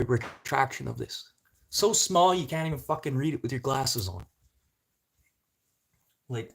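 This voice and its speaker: Blunt, swearing Canadian man ranting. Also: fairly low pitch. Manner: blunt, swearing, rising to outbursts. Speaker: vlogger. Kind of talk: casual ranting monologue.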